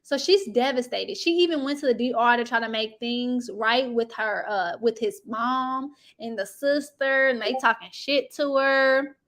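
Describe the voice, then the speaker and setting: A woman hosting casual reality TV gossip commentary, chatty and animated, talking straight to her viewers. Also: fairly high pitch, measured pace, hardly any pauses. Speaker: host.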